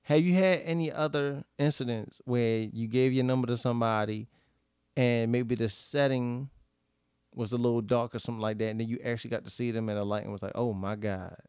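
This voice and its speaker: A man's voice: mid-range voice, fairly quick, clear, resonant tone, dry recording, clean studio sound. A young man from Maryland co-hosting a podcast, chatting casually, swearing and asking his co-host questions. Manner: animated, profane, asks questions. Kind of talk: casual chat.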